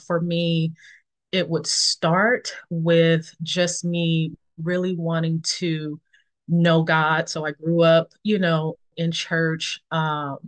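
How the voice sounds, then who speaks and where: In a conversational podcast, a reflective woman in her forties recounts her faith testimony slowly, often pausing with fillers. When quoting friends, she imitates them with lively, high-pitched voices.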